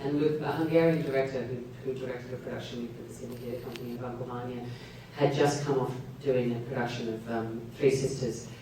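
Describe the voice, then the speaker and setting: On a Q&A panel, a woman actor answers questions thoughtfully, searching for her words. Her rumbling low, dark voice moves quickly with fairly even intonation and few pauses. The mic is distant in an echoey hall, with faint noise.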